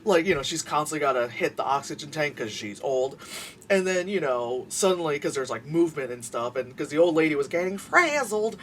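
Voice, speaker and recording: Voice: medium pitch, expressive, a little fast, far from the mic, background noise. A casual movie reviewer rants through the plot, cursing freely and tripping over restarts. The voice sits in a middle register but jumps all over as the rant goes on. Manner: profane, rambling, lots of fillers and restarts.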